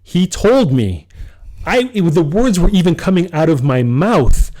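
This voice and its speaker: A man's voice: fairly high pitch, sing-song, a little slow, darkish tone. A man co-hosting a podcast, telling a personal story in casual chat, acting out his own quoted lines and laughing often. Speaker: podcast co-host.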